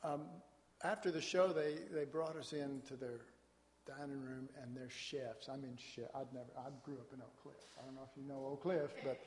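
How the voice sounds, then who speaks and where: A man's voice: medium pitch, steady tone, moderate pace. A man from Dallas, Texas, preaching a sermon in a folksy, storytelling way with colloquial asides. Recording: long hall reverb.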